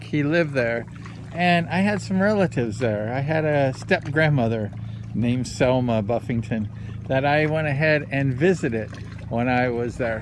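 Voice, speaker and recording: A man telling a personal story in a casual, rambling way, heavy on filler words and excitable as he retells it. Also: mid-range voice, background noise.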